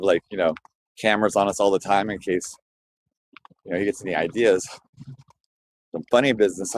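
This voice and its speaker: A man's voice: on the low side, a little hiss or hum, low-quality recording. A man live-streaming from his phone while walking outdoors, chatting loosely with his viewers in a rambling, scattered way. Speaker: livestreamer. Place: outdoors, walking through a neighborhood.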